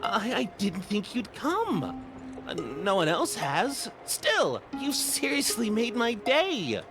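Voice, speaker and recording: Timid loner, voiced by a man: hesitant, slow, gravelly edges. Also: sits high, wildly swooping pitch, voice pushed up, exaggerated voice. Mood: touched. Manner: hesitant, stammering. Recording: voice demo over loud music.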